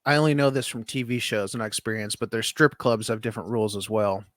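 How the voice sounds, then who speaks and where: A man's voice: lowish voice, quick pace, fairly bright tone, no echo, studio quality. A man co-hosting a podcast in casual chat, rambling and joking with frequent restarts. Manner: rambling and jokey, many restarts. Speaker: podcast co-host.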